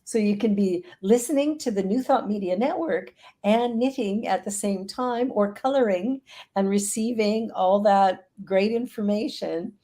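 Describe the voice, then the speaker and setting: Speaking a little slowly in a mellow voice of medium pitch, a middle-aged woman chats casually over video. She comes across as earnest and upbeat, discussing prayer and affirmations.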